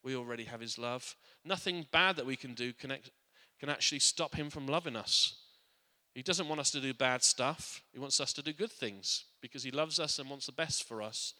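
A man preaching a sermon to a congregation. He speaks earnestly, often restarting or repeating words, and drops quiet and soft on his reflective points. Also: medium pitch, moderate pace. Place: church. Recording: long church hall reverb.

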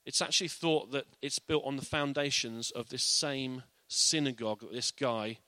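A man's voice: medium pitch, moderate pace, bright, forceful tone, dry recording. A man giving an informal, earnest Bible teaching in a conversational way.

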